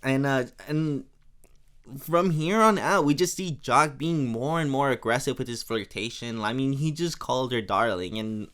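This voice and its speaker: A man's voice: mid-range voice, moderate pace, a bit bright. A young man hosting a podcast, recapping an episode in a casual, rambling, chatty way with plenty of fillers. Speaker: podcast host.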